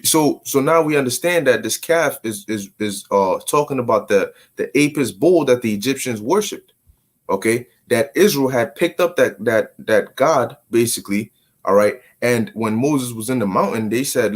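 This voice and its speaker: A man teaching a casual bible study, slangy and animated, often repeating words as he restarts. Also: mid-range voice, normal speed. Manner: slangy, stammering repetitions, animated. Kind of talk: casual scripture commentary.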